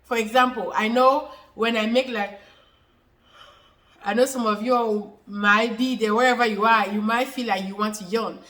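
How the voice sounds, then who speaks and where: A woman's voice: a little high, sharp tone, low-quality recording. A woman explaining a health topic to her viewers in a loose, informal way, restating each point several times with fillers. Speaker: health educator answering questions. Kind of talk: informal explanatory talk to camera.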